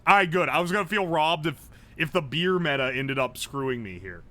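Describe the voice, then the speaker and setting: A man streaming live, commenting on a game with blunt, profane, quick reactions. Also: on the high side, lively intonation, pushed and bright.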